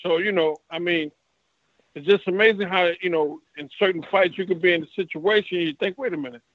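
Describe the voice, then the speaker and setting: A man's voice: high voice, brisk, no echo, lo-fi sound. A man, a former professional boxer, telling stories from his career in a casual interview and acting out the exchanges he quotes. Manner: animated, acts out quoted exchanges. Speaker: retired boxer, guest.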